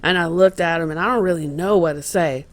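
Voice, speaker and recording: A man's voice: fairly high pitch, fairly quick, a bit bright, dry recording, lightly acted. A man reading as a plain-spoken contractor witness. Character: male construction contractor testifying as a witness. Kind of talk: dramatized reading of court testimony.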